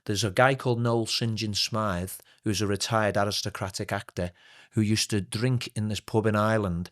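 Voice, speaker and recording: A man, a singer and playwright, telling animated stories as a guest in a casual interview. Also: lowish voice. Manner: animated, anecdotal storyteller.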